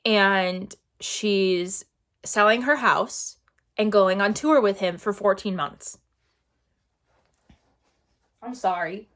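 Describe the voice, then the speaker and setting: A woman at an ordinary middle pitch talks through a casual book review vlog. Her delivery is exasperated and sarcastic. She keeps circling back to the same phrases to hammer her points home. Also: slow pace, pauses often, fairly bright tone. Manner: exasperated, sarcastic, repeats herself for emphasis. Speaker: book vlogger.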